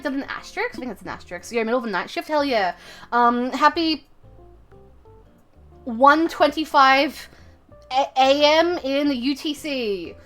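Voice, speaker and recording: A woman's voice: sits high, pushed and bright. A woman from Australia, chatting casually on a live stream, rambling with lots of fillers and frequent swearing.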